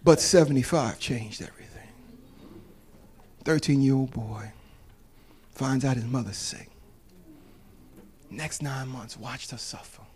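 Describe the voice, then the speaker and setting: A man in his fifties, a preacher giving a sermon that builds from quiet storytelling to shouted, tearful preaching. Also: medium pitch, slightly rough. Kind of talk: sermon testimony.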